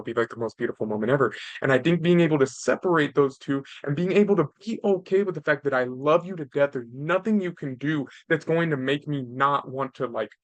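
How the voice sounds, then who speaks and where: A man's voice: medium pitch, a bit bright, no room sound. A man in his thirties hosting a podcast, giving casual parenting advice in an earnest way and ending point after point with "right?". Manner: earnest, tags nearly every point with "right?". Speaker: podcast host.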